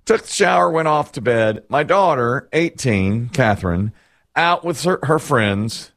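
Lively, animated middle-aged man. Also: mid-range voice, measured pace, no room sound, studio quality. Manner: animated, self-mocking storyteller. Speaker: host. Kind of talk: casual chat.

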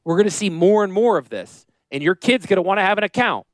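Animated high-pitched radio host man. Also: fast, no room sound. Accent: northern US. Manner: animated, joking, goes off on tangents. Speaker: radio show host and financial planner. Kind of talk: rambling radio talk.

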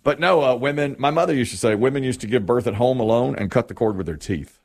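A man's voice: medium pitch, fast talker. A middle-aged man hosting a casual talk show, retelling a news story and acting out the quotes. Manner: animated storyteller, acts out quotes. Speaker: radio show host.

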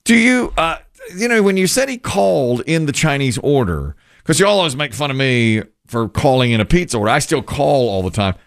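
A man's voice: mid-range voice, brisk, creaky, no echo, studio quality. A man chatting casually as a podcast co-host, telling stories and often breaking into laughter. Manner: animated storyteller, bursts into laughter. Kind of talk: casual chat.

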